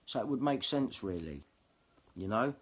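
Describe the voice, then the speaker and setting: A man's voice: on the low side, lively intonation, moderate pace, husky. A man ranting angrily and swearing in a monologue to camera. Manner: heated, sweary, confrontational. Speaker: vlogger.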